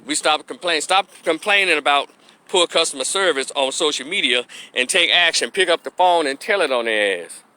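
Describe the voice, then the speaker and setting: A man's voice: a little high, animated, a little fast, bright, forceful tone. A man from gives blunt, preachy opinion commentary, folksy and salty-mouthed. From Memphis, Tennessee, US. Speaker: opinion vlogger, social worker.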